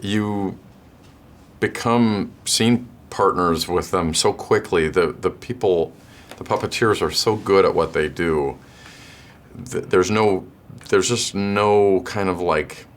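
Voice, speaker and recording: A man being interviewed about his film at a press junket, relaxed and thoughtful with some hesitant pauses. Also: sits low.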